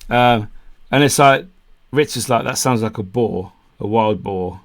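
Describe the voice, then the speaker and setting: A man's voice: on the low side, unhurried. A man co-hosting a podcast, telling a long camping story in casual chat, swearing freely and acting out what people said. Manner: swears freely, acts out quotes, laughs mid-story. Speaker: podcast co-host.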